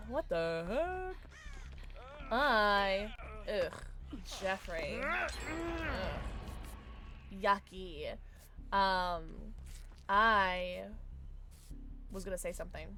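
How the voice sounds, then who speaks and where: A woman streaming a game live, chatting excitedly with viewers and her teammates and calling people love. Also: mid-range voice. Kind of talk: live gameplay commentary.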